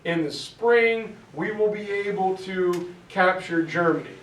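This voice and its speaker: In a classroom, a history teacher with a high voice delivers a lecture with an animated storyteller's energy, acting out quotes. He drops in quick character voices for the people in his story. His voice sounds roomy and a little distant from the mic.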